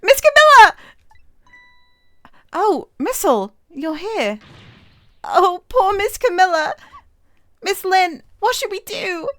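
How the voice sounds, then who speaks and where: A woman voicing an eager, loyal little male dog as she reads game dialogue aloud, high and drawn out. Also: sing-song, slow, pauses often, a bit bright, no echo, heavily acted.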